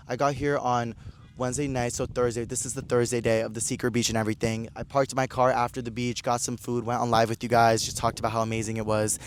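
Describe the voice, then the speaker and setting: A man telling a casual storytime vlog, chatty and animated, acting out other people's lines in a higher voice. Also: a little hiss or hum. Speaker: vlogger.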